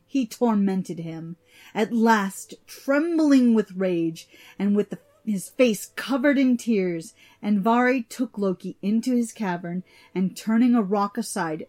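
Woman reading a myth aloud. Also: mid-range voice. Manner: even, deliberate reading with small restarts. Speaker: storyteller.

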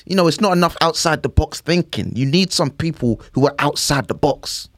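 A man's voice: a little high, brisk, no echo, studio quality. A man co-hosting a podcast, talking in a loose, musing way and often checking in with "do you know what I mean". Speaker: podcast co-host. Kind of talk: casual chat.

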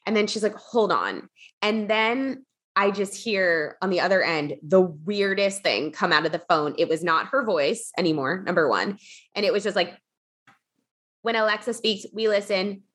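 A woman guest on a podcast tells a long story in a loose, chatty way, full of fillers. Her speaking voice sits a little low, and she pops up higher whenever she acts out a quote. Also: lively intonation, moderate pace, a bit bright. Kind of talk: casual storytelling in an interview.

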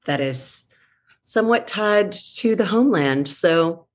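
A woman's voice: mid-range voice, lively intonation, takes it slowly. A woman voice actress chatting in an interview, playful and self-mocking, often restarting her sentences. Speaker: voice actress guest. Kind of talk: casual interview chat.

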